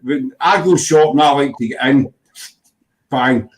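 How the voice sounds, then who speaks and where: A podcast host with a medium-pitched voice chats casually at an unhurried pace, rambling through stories and saying "you know" often. The recording is rough.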